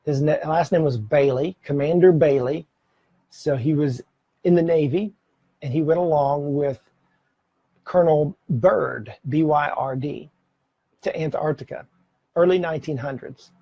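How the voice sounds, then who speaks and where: A man's voice: a little high, unhurried, pauses often, slightly rough, no room sound, dull audio. A middle-aged man giving practical tips on presentations to a camera, in a casual, conversational way, often correcting himself mid-sentence. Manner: conversational, self-correcting, occasional laughs. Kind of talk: casual instructional talk to camera. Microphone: camera mic, speaking to camera.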